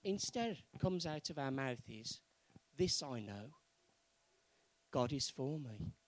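A man preaching a sermon, moving from quiet, earnest pleading to loud, fervent exhortation. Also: mid-range voice, expressive, takes it slowly, no room sound, poor audio.

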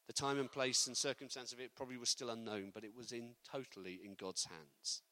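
A man preaching a sermon, lively and building to loud, emphatic delivery. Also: medium pitch, a little fast, no room sound.

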